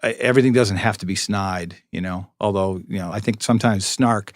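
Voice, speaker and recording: A middle-aged police public information officer, appearing as a guest, tells long anecdotes in a storytelling interview, with dry humor and plenty of restarts. His voice is on the low side and a little fast, captured in a dry recording.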